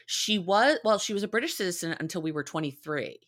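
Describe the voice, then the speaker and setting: A woman in her forties co-hosting a podcast in a loose, chatty way. Her voice sits low but swings widely as she tells stories, and she drops casual swears. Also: quick pace. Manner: storytelling, expressive, swears casually. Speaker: podcast co-host. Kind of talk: casual recap chat.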